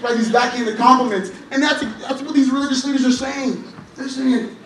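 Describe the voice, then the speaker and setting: A young man preaching a lively sermon, telling stories with humor and rising to shouts at times. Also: extremely high pitch, moderate pace. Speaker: church speaker. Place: large church hall. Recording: echoey hall, from far off, faint noise.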